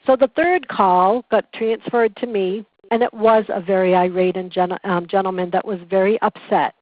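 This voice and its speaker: Calm woman teaching over a tinny line. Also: mid-range voice, normal speed, no room sound. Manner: calm, earnest, instructive storytelling. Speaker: patient relations coordinator teaching a class. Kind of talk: webinar presentation. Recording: tinny phone-like dry recording.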